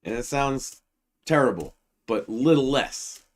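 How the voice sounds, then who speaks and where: Male stream co-host, casual chat, crude comic rambler, builds tall tales step by step, mid-pitched everyday voice. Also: lively intonation, measured pace. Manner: crude, escalating storytelling.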